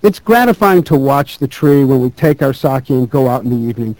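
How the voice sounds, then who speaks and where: Man reading as a gentle old man in his seventies, easygoing, mellow voice, dry sound. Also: mid-range voice, expressive, a little fast, no echo, close to an everyday voice, poor audio.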